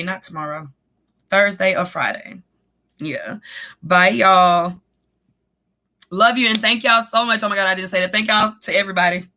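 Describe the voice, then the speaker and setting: Bright-voiced woman rambling on a live stream. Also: lowish voice. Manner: rambling, profane, laughs often, trails off. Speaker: live stream host and tarot reader. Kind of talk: casual live stream chat reading comments.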